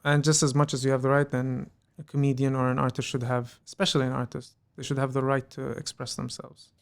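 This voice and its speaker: A young adult man from the United Arab Emirates, a stand-up comedian chatting in an interview, telling animated stories and acting out the people in them. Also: mid-range voice, quick pace, gravelly. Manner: animated storyteller, acts out quoted people. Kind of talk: casual interview chat.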